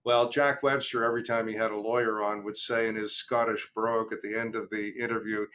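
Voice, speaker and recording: An older man hosting an interview, chatty and anecdotal, pausing on fillers. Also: on the low side, flat delivery, bright, forceful tone. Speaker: interview host. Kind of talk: casual interview chat.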